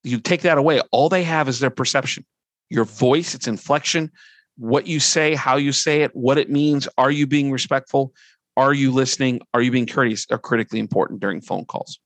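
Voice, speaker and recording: A middle-aged presenter with an average-pitched voice gives a conversational training presentation, relaxed and earnest, working through his points one at a time at a slightly fast pace. His voice sounds close and dry, with no room sound or echo.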